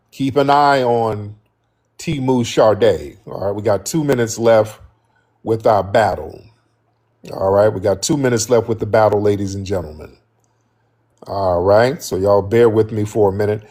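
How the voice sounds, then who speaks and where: A man's voice: on the low side, unhurried, pauses often, darkish tone. A man hosting a live stream, talking casually and joking with his viewers. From United States.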